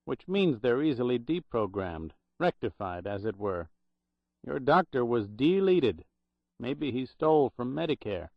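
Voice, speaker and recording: A man's voice: medium pitch, big pitch swings, a little slow, creaky, dry recording. A man voicing a slangy, jaunty young records clerk in an audiobook, on a dull, dry recording. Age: young adult.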